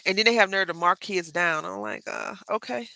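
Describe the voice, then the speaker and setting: A woman's voice: lowish voice, a little fast, sharp tone. A woman with a Southern Texas accent hosting a casual live craft tutorial, chatty and rambling, often addressing viewers as y'all. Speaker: craft livestream host.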